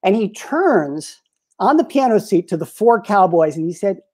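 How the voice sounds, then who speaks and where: A man in his sixties, a retired publicist and interview guest, telling lively anecdotes with frequent chuckles. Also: high voice, normal speed. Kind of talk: storytelling in a casual interview.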